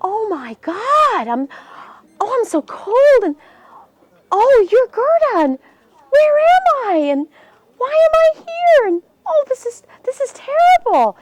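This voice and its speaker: A woman voicing a bewildered young boy in a told fairy tale, high and wailing. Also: very animated, slow pace, dry recording, full character voice. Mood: distraught.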